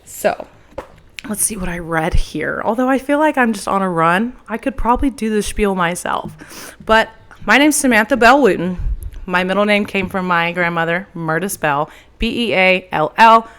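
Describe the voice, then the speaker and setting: Smooth-voiced young woman rambling casually. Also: mid-range voice, animated, moderate pace, a bit bright. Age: 20s. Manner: chatty, rambling, frank with mild swearing. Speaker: podcast host. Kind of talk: casual solo monologue. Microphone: handheld microphone.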